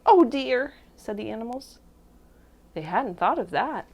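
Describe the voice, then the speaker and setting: A woman teacher reads a storybook aloud to little kids, her pitch swooping up and down as she brings each animal to life. Her voice sits in a middle register, gentle and clear, and she speaks in a warm, encouraging classroom manner. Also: moderate pace. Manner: expressive, lively voices for animals. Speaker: preschool teacher. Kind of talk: children's storybook read-aloud.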